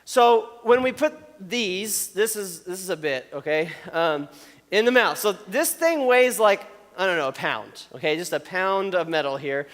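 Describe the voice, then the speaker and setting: Young male youth pastor, high voice, chatty storytelling sermon, long hall reverb. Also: lively intonation, unhurried, fairly bright tone. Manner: storytelling, joking, often checks in with "okay?".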